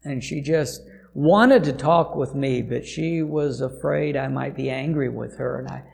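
A middle-aged missionary pastor giving a sermon testimony, telling an earnest story in a halting way and correcting himself mid-sentence. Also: male voice, medium pitch, gravelly. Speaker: missionary pastor to a deaf church.

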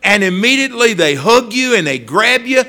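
A man's voice: sits high, very animated, moderate pace, pushed and bright. A man preaching a sermon, telling stories and addressing listeners by name.

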